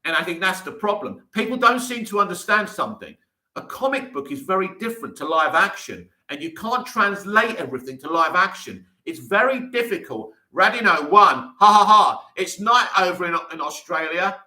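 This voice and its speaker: A man's voice: high-pitched, bright, forceful tone. A man hosting a casual live chat, reading out viewer comments and answering them with enthusiasm and frequent restarts. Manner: enthusiastic, talks in restarts and asides. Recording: echoey room.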